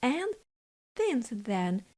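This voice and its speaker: A woman narrating a children's fairy tale in a gentle storybook reading. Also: a little high, very animated, very slow.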